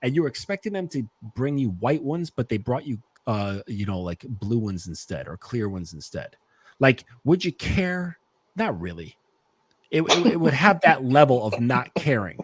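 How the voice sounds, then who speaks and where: Man, podcast host, animated pitch, dead dry room, walks through examples. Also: moderate pace, slightly rough, no echo. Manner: explains with long everyday examples. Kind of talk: casual discussion.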